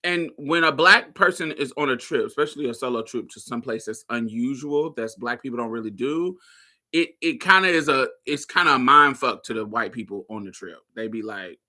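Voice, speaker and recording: A woman from Indiana hosting a podcast, telling personal stories in a casual, profane, animated way and laughing often. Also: rumbling low, brisk. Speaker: podcast host. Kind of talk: casual storytelling monologue.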